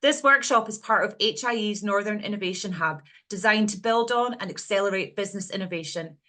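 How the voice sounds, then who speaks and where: A woman's voice: mid-range voice, a little fast, pushed and bright. A woman reading a formal scripted welcome to open an online session. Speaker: session presenter.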